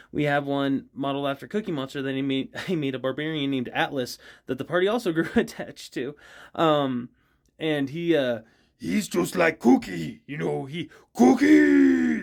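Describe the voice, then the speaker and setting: Giggly, rambling man chatting casually. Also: mid-range voice. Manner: rambling, giggly, lots of fillers. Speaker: voice actor vlogger. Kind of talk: casual chat.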